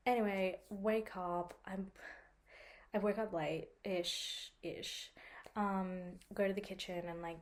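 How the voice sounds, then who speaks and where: A woman's voice: mid-range voice, measured pace. A young woman records a casual vlog at home, talking in a loose, chatty way. Her throat is sore from a cold, and she swears freely and acts out her own reactions as she goes. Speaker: vlogger.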